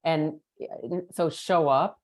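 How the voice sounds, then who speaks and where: A woman's voice: deep voice, steady tone, slow, darkish tone. A woman hosting a podcast, speaking in a thoughtful, reflective way. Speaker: podcast host. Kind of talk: podcast conversation.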